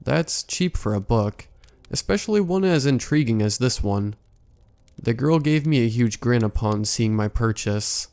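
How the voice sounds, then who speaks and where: A man narrating a scary story in a calm, measured storytelling manner. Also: mid-range voice, clean tone. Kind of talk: scripted horror story narration.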